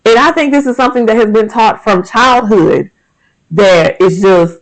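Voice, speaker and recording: Guy in his 30s, podcast host, kinda high voice w some fry, blunt and animated. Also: normal speed, low-quality recording. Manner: candid, emphatic, frank and animated. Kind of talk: casual faith-based monologue.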